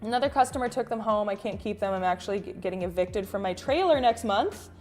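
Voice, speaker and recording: A woman's voice: medium pitch, lively intonation, quick pace, a little mellow, faint music behind. A woman hosting a casual art livestream. She rambles with many fillers and restarts, reads viewer chat aloud, and calls people "sweet bean" and "honey.". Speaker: artist and livestream host.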